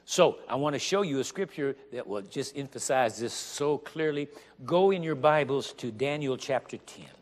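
A man's voice: mid-range voice, lively intonation. Emphatic preacher man in a reverberant hall. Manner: emphatic, rising to loud stressed phrases, slows down on scripture. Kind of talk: sermon. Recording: long reverb of a large hall.

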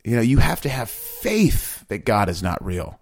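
A man co-hosting a casual talk about faith, talking in animated, rambling bursts with many restarts. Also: medium pitch, unhurried, creaky, dry recording, studio quality. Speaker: podcast co-host.

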